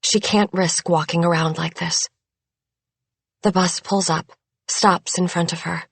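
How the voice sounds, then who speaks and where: A woman narrating a thriller audiobook in a measured, suspenseful way, close to a studio mic. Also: on the low side, fairly even intonation, vocal fry, breathy edge, no room sound. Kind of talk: scripted narration.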